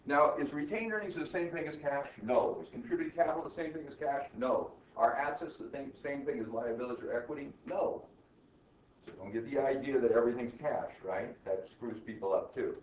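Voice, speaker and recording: A man's voice: medium pitch, brisk, a little hiss or hum. Middle-aged male lecturer, emphatic, keeps asking "right?", recorded from across an echoey room. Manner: emphatic, peppers questions with "right?" and "okay?". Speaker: accounting instructor. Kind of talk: classroom lecture. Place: classroom. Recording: muffled, roomy classroom recording from far off.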